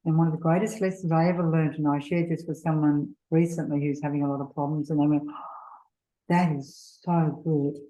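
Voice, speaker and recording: A middle-aged woman giving a gentle, earnest faith seminar talk, sharing personal stories. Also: sits low, steady tone, brisk, low-quality recording. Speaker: seminar speaker.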